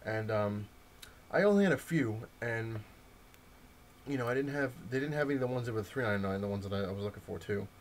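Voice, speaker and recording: Man, low voice, casual rambling vlog talk, loose storytelling, faint background hiss. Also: lively intonation, fast talker. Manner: rambling, loose storytelling with many fillers and restarts. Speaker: comic book collector showing his purchases. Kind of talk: casual rambling anecdote to camera. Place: at home, indoors.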